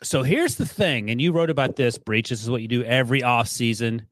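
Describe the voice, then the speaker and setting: A man's voice: medium pitch, animated, brisk, fairly bright tone, no echo. A man co-hosting a sports podcast who asks long, winding questions and teases his partner. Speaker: sports writer and podcast co-host. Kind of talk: casual podcast analysis.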